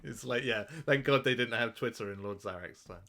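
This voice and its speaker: A man's voice: mid-range voice, brisk, vocal fry, a crowd in the background. A man co-hosting a podcast, chatting casually and joking, often restarting his sentences. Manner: rambling, self-interrupting, joking. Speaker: podcast co-host. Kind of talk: casual chat.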